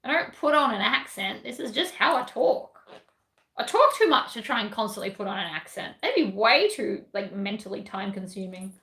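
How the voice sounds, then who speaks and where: A woman's voice: medium pitch, animated, normal speed, bright, forceful tone. Chatty Australian woman in an echoey room. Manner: chatty, blunt, reads and answers viewer comments. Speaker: sewing livestream host. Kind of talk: casual chat while sewing.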